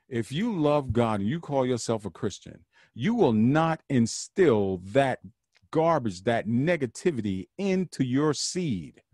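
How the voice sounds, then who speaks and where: A man talks straight to his listeners in an earnest, preaching way, often repeating himself to drive a point home. His pitch swings widely as he speaks. The sound is dry and close, with no room around it. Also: darkish tone, dry recording. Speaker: podcast host. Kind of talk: solo podcast monologue.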